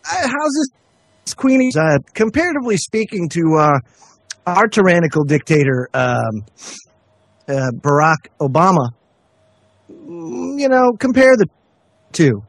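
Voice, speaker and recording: A man co-hosting a casual online radio talk show, talking in halting bursts with many restarts. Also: high voice, sing-song, gravelly, dry recording. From United States. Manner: halting, many restarts, reads letters aloud. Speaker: co-host.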